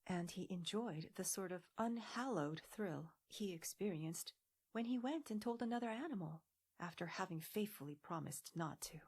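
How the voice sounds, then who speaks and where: A woman narrating a classic storybook in a gentle, hushed audiobook voice. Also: lowish voice, lively intonation, moderate pace, husky. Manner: gentle, hushed, half-whispered.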